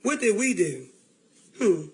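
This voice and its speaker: A woman's voice: medium pitch, sing-song, takes it slowly, noisy background. A woman on a livestream, rambling emotionally about family and talking straight to her viewers. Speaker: livestreamer in a played clip.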